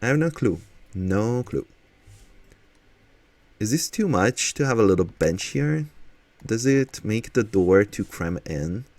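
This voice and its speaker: A man's voice: on the low side, lively intonation, slow pace, long pauses, darkish tone, no echo. A man streaming casually, chatting and thinking aloud as he builds in a game, with a manner.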